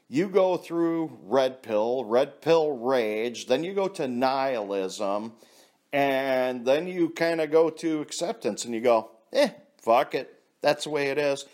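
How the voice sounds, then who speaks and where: A man's voice: mid-range voice, a little mellow. A man delivering a casual, blunt ranting monologue, heavy on swearing and laughing at his own stories. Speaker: vlogger.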